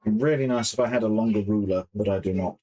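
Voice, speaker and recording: Very deep-voiced woman, muttering. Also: fast, mellow, husky, highs cut off. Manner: mutters to herself while working, self-deprecating. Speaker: helmet-making crafter. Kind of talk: casual crafting vlog.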